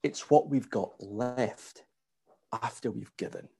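A man preaching a sermon in a measured, emphatic way. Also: mid-range voice, vocal fry, warm tone, slightly rough. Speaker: pastor.

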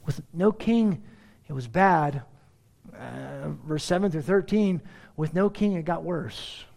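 A man preaching a verse-by-verse sermon with sarcastic asides and rhetorical questions, swinging between loud exclaims and hushed asides. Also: on the high side, slow, vocal fry. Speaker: pastor. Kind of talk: expository sermon.

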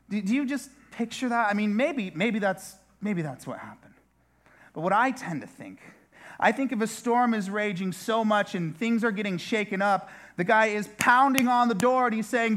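A male pastor delivers a sermon in a loose, chatty way, often restarting his sentences and adding asides. His voice sits a little high for a man. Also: normal speed, a bit bright.

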